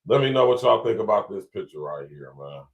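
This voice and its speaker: Chill ohio dude from columbus, kinda low voice, chuckling and saying man a lot. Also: very animated, brisk, vocal fry, highs cut off. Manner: laid-back, chuckling, repeats "man" and "y'all". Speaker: podcast host. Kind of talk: casual commentary to a live audience.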